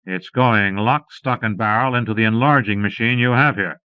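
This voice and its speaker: A man's voice: lowish voice, normal speed, smooth, no room sound, close to an everyday voice. A man reading an audiobook, voicing a tough male lieutenant with a clipped, gritty delivery. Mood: terse. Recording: dull lo-fi cassette audiobook.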